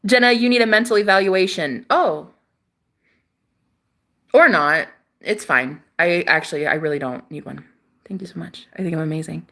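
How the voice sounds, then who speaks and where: A woman's voice: on the low side, moderate pace, pauses often, bright, forceful tone. A young woman hosting a spiritual livestream, chatting casually, reading out viewer comments with sass, swearing freely and laughing often.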